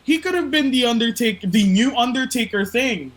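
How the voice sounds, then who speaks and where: High-voiced ranting podcast host. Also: male voice, animated, fairly quick, rough recording. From Philippines. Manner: profane, ranting, mock-impressions. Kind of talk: casual podcast chat.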